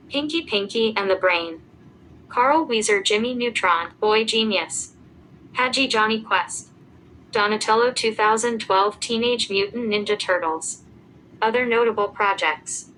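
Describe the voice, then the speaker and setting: A woman's voice: mid-range voice, fairly bright tone, a little hiss or hum, rough recording. Woman narrating lists of facts. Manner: reads lists of names and dates evenly. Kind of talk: scripted narration.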